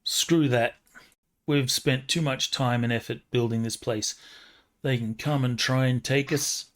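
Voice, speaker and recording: A man's voice: mid-range voice, fairly even intonation, measured pace, close to an everyday voice. A man voicing a stubborn, protective alien mother of a big family, with a thick New York accent, in a tabletop game. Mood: defiant. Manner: defiant, fierce.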